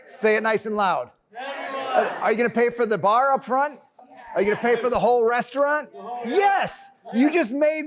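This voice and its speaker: A man with a high, bright-sounding speaking voice delivers a lively motivational keynote from a conference stage. He jokes with the crowd and keeps calling them friends. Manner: energetic and joking, addresses the crowd as friends. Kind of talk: motivational talk to a live audience.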